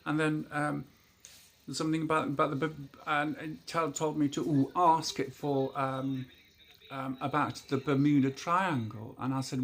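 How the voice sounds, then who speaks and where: Man in his fifties, gravelly, hesitant show-and-tell vlogger. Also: a little high, flat delivery, normal speed, fairly bright tone. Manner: rambling, hesitant, many ums and restarts. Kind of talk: casual gadget show-and-tell.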